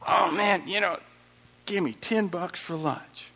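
A man preaches a sermon with a bright, tense edge and a gravelly rasp. He punches lines by repeating them and leans into dramatic asides. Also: sits high, slow pace. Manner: emphatic and repetitive, with dramatic asides. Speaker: pastor.

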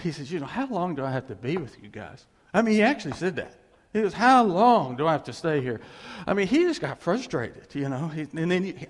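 Animated preacher in a reverberant hall. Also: male voice, a little high. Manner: animated, conversational, acts out quoted voices. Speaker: pastor. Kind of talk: sermon.

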